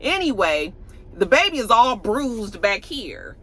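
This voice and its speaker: Blunt, bright-voiced woman recapping a show. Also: on the high side, slow pace, poor audio. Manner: animated storyteller who acts out the characters' lines; blunt, salty, opinionated asides. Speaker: TV episode reviewer. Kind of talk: casual recap and commentary.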